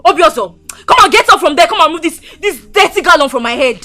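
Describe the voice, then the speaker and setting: An actress playing a defiant young wife who talks back dismissively and gives orders. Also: female voice, extremely high pitch, expressive, quick pace, sharp tone, faint music behind, heavily acted. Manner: dismissive, bossy. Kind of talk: Nollywood film acting.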